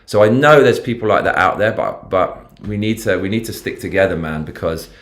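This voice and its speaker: This livestream host is a Londoner with a low, expressive, fairly bright voice that moves a little fast. He rambles casually over the news, swearing freely, dropping slang, and reading viewer comments.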